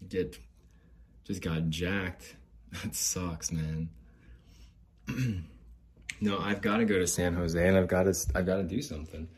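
Grumbling deep-voiced middle-aged man. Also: a little mellow. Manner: aggrieved, rambling, swearing freely. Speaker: podcast host. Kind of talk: casual ranting monologue. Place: outdoors near an apartment complex.

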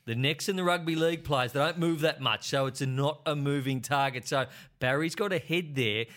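A man's voice: on the high side, fairly quick, fairly bright tone. A middle-aged Australian man, a former footballer, telling stories and teasing in casual podcast chat. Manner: jokey, teasing banter. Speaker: podcast co-host, former Australian rules player.

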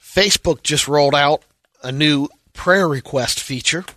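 A man's voice: a little high, measured pace, bright, forceful tone. A man co-hosting a radio show, reading odd news items and setting up jokes in casual banter. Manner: reads odd news bits, dry setups.

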